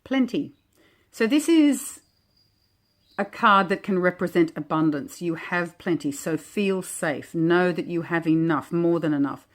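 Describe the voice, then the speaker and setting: Woman kinda low voice, chatting gently thru her oracle cards, reflective and easygoing. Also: animated, unhurried. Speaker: oracle deck creator. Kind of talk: casual walk-through of oracle cards.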